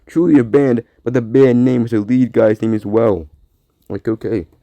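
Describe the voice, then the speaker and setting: A man's voice: mid-range voice, fairly even intonation, moderate pace, creaky, mellow, no echo. A man hosting his own show, talking alone in a casual, rambling way, repeating words and trailing off into mumbled asides. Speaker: podcast host. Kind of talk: casual solo monologue.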